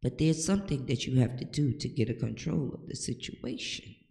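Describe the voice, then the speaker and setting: An older woman with a dark, bass voice and vocal fry hosts a home-remedy talk, speaking to camera at normal speed in a casual advice style. Her advice is emphatic and preachy, and she often checks in with "okay?", her words echoing in a room with long reverb.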